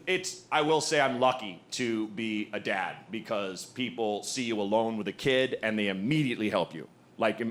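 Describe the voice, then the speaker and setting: A man in his forties doing a stand-up comedy set, telling animated stories, acting out voices and swearing freely. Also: medium pitch. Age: 40s. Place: comedy club stage. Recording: live club recording with audience noise. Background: audience laughter.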